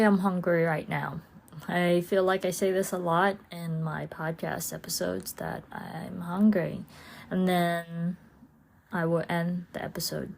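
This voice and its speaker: A woman chats through her solo podcast at an unhurried pace. Her voice sits a little low. She rambles warmly, laughing often and slipping into playful voices for her own inner thoughts. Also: vocal fry. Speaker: podcast host. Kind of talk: casual solo podcast chat.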